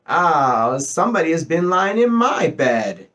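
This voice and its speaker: A man's voice: on the high side, very animated, a little slow, a bit bright, pitched above the performer's own voice. Brief: man playing the middle bear, an ordinary voice lifted a touch. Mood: puzzled. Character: middle-sized male bear, plain and steady.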